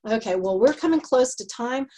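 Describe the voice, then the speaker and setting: A woman's voice: fairly high pitch, expressive, moderate pace. A woman with a Texas accent hosting a podcast, talking earnestly in a casual chat. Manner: earnest and warm-hearted, frequent laughs and restarts. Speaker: podcast host.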